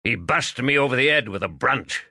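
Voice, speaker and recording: A man voicing a big, gruff middle-aged farmer who speaks bluntly and defiantly. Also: medium pitch, lively intonation, normal speed, sharp tone, dry recording, studio quality, pitched above the performer's own voice, heavily acted. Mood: rueful.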